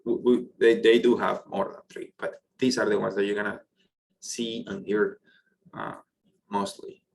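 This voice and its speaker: Low-voiced encouraging French teacher, faint background hum. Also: male voice, fairly even intonation, unhurried, vocal fry. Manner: encouraging, praises questions, explains step by step. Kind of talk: online class teaching.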